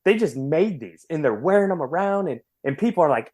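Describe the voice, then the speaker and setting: A man who is a podcast guest, telling his personal testimony in an earnest, animated way and often repeating words as he goes. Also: fairly high pitch, brisk, hardly any pauses.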